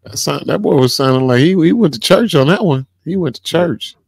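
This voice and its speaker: Animated, slangy man reacting to music. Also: fairly high pitch, brisk, creaky, slightly rough, no echo, clean studio sound. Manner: slangy, emphatic, repeats himself. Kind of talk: casual reaction chat.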